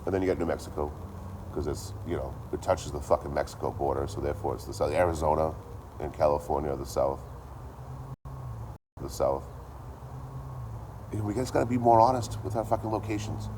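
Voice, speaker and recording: A very deep-voiced man rants through a story, swearing freely and repeating his lines for emphasis. His delivery jumps between loud outbursts and low muttering. A faint hum of background noise sits under the voice. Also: fairly quick, long pauses. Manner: profane, animated storytelling with repetition. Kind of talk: casual ranting monologue.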